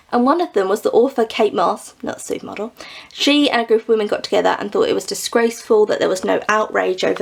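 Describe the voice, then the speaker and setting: A woman's voice: mid-range voice, vocal fry. A young woman from England chatting casually in a book vlog, rambling and laughing often. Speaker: book vlogger.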